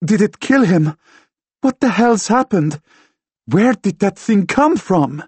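A man voicing a frightened, urgent young woman in an audiobook, using a strained falsetto. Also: lively intonation, slow pace, a little mellow, slightly rough, no echo, exaggerated voice. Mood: alarmed. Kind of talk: audiobook character voice.

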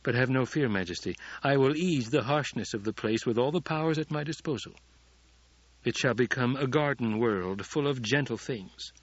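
A man's voice: mid-range voice, normal speed, breathy edge, no room sound, dull audio, natural voice. A man voicing a commanding, calculating young male ruler with clipped delivery.

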